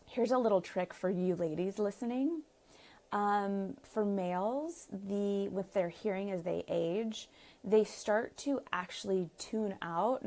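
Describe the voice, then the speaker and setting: A woman relationship coach gives chatty live-streamed advice to her viewers, often laughing and acting out what partners say. Her voice is lowish, creaky, and somewhat mellow.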